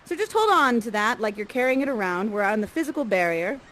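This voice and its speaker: Woman acting coach, lively delivery, acts out lines, faint background hiss. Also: on the high side, quick pace, low-quality recording. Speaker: acting coach directing a scene. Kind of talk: animated scene coaching.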